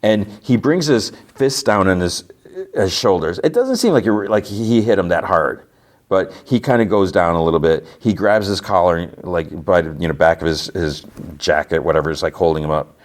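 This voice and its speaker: A man's voice: deep voice, animated, normal speed. A man hosting a podcast, casually retelling a TV episode scene by scene, full of "like" and restarts. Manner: rambling, filler-heavy retelling with lots of "like". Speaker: podcast host.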